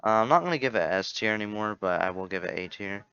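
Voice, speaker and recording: A man's voice: lowish voice, expressive, fast talker, pushed and bright, clean tone, no room sound. A young man giving casual, rambling commentary on a game tier list, often correcting himself and joking. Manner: rambling, self-correcting, jokey. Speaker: gaming YouTuber. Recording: dull lo-fi home mic.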